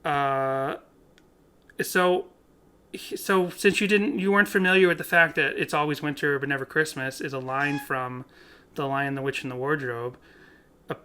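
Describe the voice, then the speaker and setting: Male podcast co-host, bright tone, rambling casual delivery. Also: fairly high pitch, steady tone, normal speed, smooth. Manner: rambling, laughs often, self-correcting. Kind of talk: casual chat.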